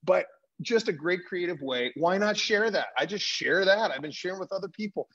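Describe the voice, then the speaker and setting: A man co-hosting a casual talk show, chatting in an animated way and laughing easily. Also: sits high, fairly quick, husky. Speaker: co-host. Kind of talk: casual chat. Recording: dull lo-fi sound.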